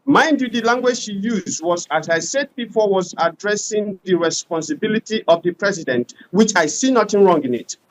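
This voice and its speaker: A man arguing forcefully as a panel guest in a debate. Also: high voice, expressive, moderate pace, few pauses, rough recording. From Nigeria. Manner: forceful, argumentative.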